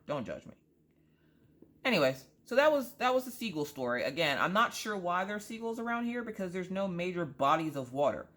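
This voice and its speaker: A woman's voice: extremely low pitch, a bit bright. A woman vlogger in casual chat, telling a rambling story with jokes, asides and plenty of fillers. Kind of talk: casual chat while crafting.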